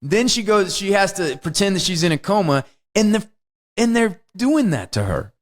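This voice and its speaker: A man's voice: high-pitched, normal speed. A man co-hosting a podcast, chatting casually about films and acting out lines from scenes. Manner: animated, acts out movie lines in big shifting voices. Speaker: podcast co-host. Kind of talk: casual film discussion.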